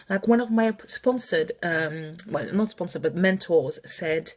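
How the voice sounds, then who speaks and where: A woman's voice: lowish voice, a little slow, hardly any pauses. Encouraging French-accented woman coach. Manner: encouraging, earnest, chatty with laughs. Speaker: online marketing coach. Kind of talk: motivational live video talk.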